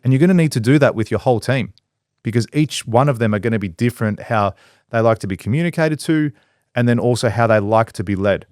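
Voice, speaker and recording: A man's voice: mid-range voice, fast talker, a little mellow, dry recording, studio quality. A man on a casual podcast, a business owner who talks bluntly, swears freely and acts out quotes.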